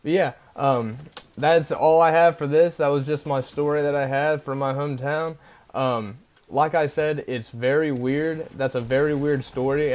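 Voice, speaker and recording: A man's voice: mid-range voice, a little mellow. A young man casually telling a rambling story on his vlog, full of fillers and tag questions. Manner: rambling, filler-heavy, keeps asking "right?". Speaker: vlogger.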